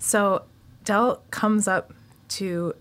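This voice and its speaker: A woman improvising comedy, telling a mock-earnest story in a deadpan, sincere-sounding way. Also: mid-range voice, drawn-out words.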